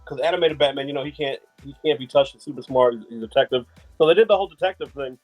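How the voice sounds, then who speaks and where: A man casually chatting about a movie as a guest, relaxed and slangy, with frequent swearing. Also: medium pitch, very fast, muffled recording, soft background music. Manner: laid-back, swears freely, slangy. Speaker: podcast guest.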